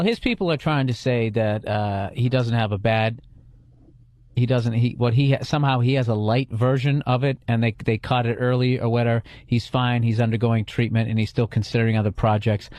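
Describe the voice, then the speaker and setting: A man's voice: mid-range voice, a little fast, darkish tone, dry recording. A man hosting a comedy podcast in casual chat, telling crude, rambling stories full of restarts.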